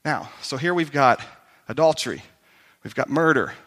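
A man's voice: mid-range voice, moderate pace, pushed and bright, long reverb tail. A male pastor preaching a sermon in a conversational storytelling way, calling on the congregation to respond.

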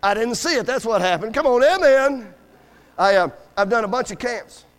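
Casting: high-pitched male preacher, folksy humor, amen calls, church hall reverb. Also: expressive, normal speed. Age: adult with school-age kids. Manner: folksy, joking storyteller with call-and-response amens. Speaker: guest preacher. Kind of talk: sermon. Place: church sanctuary.

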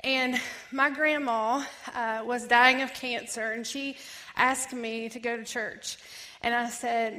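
A woman, telling her personal testimony in an animated way, acting out voices and laughing often. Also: fairly high pitch, slow pace. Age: 30s. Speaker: ministry founder giving testimony.

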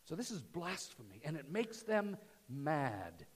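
A man's voice: on the high side, huge pitch swings, unhurried, breathy edge, in a large hall. Male preacher with sweeping dramatic delivery. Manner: dramatic swings from loud emphasis to hushed near-whisper. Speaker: pastor. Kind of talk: sermon. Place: church sanctuary.

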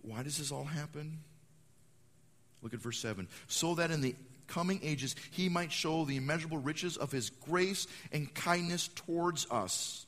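Male preacher, lively sermon, slightly high voice, swings loud to hushed, long hall reverb. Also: moderate pace. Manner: animated, acts out quotes, swings between loud and hushed.

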